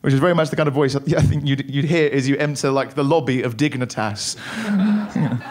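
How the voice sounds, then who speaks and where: A young man doing a stand-up comedy set on a club stage, wry and self-deprecating with quick asides. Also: medium pitch, a little mellow.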